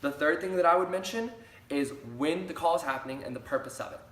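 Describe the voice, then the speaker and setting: A man's voice: a little high, fast talker, fairly bright tone. A young man giving an upbeat sales training talk, repeating key phrases for emphasis. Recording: roomy echo.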